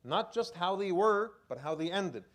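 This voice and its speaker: A male imam preaching a sermon and telling a personal story, swinging between loud outbursts and hushed, low lines. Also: animated, normal speed.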